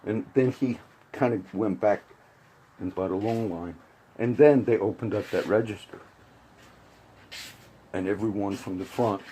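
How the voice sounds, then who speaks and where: Man, low voice, mellow tone, rambling talk, faint background noise. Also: poor audio. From grew up around Puerto Rican and Cuban friends. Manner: rambling, with many restarts and asides. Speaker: commentator. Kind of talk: casual spoken commentary.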